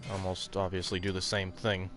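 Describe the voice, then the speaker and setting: A man with a low, completely flat voice talks at a moderate pace over music while hosting a casual let's play stream. He rambles through the gameplay chat, swearing often and packing his speech with fillers.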